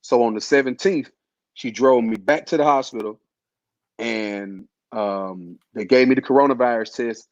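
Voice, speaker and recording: A man's voice: mid-range voice, moderate pace, no echo. Laid-back slangy man, dull lo-fi sound. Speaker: host telling his illness story. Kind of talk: casual storytelling chat.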